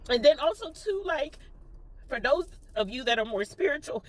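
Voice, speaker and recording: A woman's voice: sits high, normal speed, rough recording. A young woman with a Philadelphia accent, a teacher telling an emotional story to her viewers, close to tears and talking straight to them. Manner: tearful, expressive, talks straight to viewers. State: near tears. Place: in a car.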